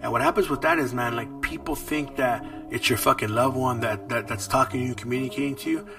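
A man's voice: medium pitch, fairly even intonation, fast. A man hosting a podcast, telling stories in casual, profane street slang. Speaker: podcast host. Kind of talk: casual storytelling. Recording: distant mic with loud music behind.

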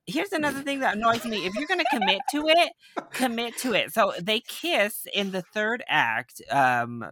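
A man giving a casual movie review, ranting with animated exasperation. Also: high voice, normal speed.

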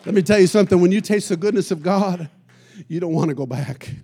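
A man preaching with a high, gravelly voice, full of grit and crackle. He tells stories with energy and punctuates them with bursts of praise. The delivery is that of a lively pastor in full sermon. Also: quick pace. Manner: energetic storytelling preacher with shouted praise interjections.

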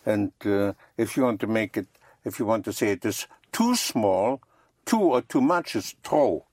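Slow patient guy teaching a class, spells stuff out, husky voice, dry sound. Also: fairly low pitch, animated, darkish tone, no room sound. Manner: slow, repeats and spells out words for learners. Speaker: French teacher.

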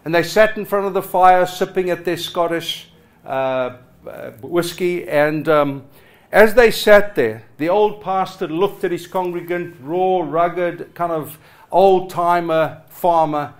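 A middle-aged man preaching a passionate sermon to his congregation, swinging from loud urging to quiet, hushed lines. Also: sits high, takes it slowly. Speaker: pastor. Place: church hall with a congregation.

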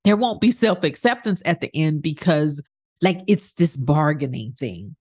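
A woman's voice: deep voice, lively intonation, unhurried, darkish tone, husky, no echo, clean studio sound. A woman hosting a self-help podcast, talking candidly and swearing freely as she acts out inner thoughts. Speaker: podcast host and coach. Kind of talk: casual motivational monologue.

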